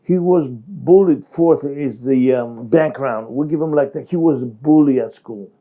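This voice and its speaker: A man coaching actors, talking in a halting way with restarts and slightly broken phrasing. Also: mid-range voice, dark tone, lo-fi sound. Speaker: acting coach. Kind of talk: instructional talk to camera.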